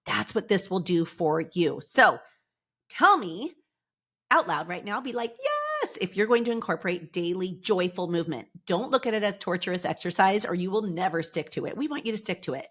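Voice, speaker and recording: A middle-aged woman hosting a podcast in an upbeat, motivational way, chatty and animated, often saying "like" and "y'all". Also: fairly low pitch, brisk. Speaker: podcast host.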